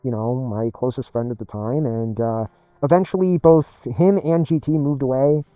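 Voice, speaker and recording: A man's voice: medium pitch, steady tone, normal speed, warm tone, no room sound, soft background music. A man telling a rambling personal story in blunt, profane, casual speech as a gaming video creator.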